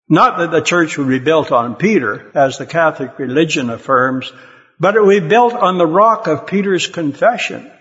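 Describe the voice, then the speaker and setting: A man preaching a sermon in a fairly high voice, telling scripture as a vivid story and rising sharply for the quoted lines. The recording is dull and lo-fi with a long reverb trailing each phrase. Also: animated, normal speed, a bit bright. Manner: dramatic storytelling, voicing quoted lines with emphasis.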